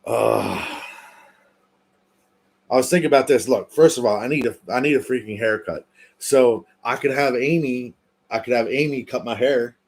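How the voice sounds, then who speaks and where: A man's voice: mid-range voice, moderate pace, vocal fry, husky. A man in his thirties chatting casually and joking on his own livestream, swearing and laughing often. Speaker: livestream host.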